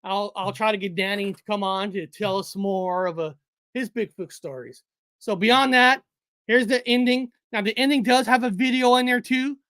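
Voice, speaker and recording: A woman's voice: mid-range voice, moderate pace, a bit bright, dry recording. Chatty woman with a dry close sound. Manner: rambling, repeats herself, laughs often. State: out of breath. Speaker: livestream host. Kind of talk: casual livestream chat.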